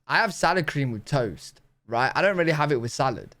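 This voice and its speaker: A British man, hosting a reaction video and chatting casually about what he watches. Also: on the high side. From Britain. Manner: chatty, excitable, asks quick questions.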